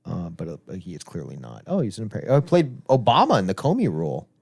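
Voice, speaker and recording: A man's voice: sits low, huge pitch swings, brisk, vocal fry, a little mellow, breathy edge, no room sound, clean studio sound. A man co-hosting a podcast, chatting casually and explaining things at length with many hesitant fillers. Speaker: podcast co-host. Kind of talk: casual chat.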